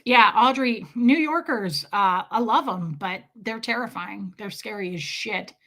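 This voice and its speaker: A woman's voice: medium pitch, a little slow, a bit bright. A woman chatting casually with viewers on a live stream, laughing often and greeting people by name.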